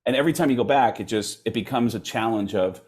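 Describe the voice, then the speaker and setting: A middle-aged man, a comedian guest in an interview, telling stories with lively energy and acting out the voices of people in them. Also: lowish voice, quick pace, husky. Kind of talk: animated storytelling in an interview.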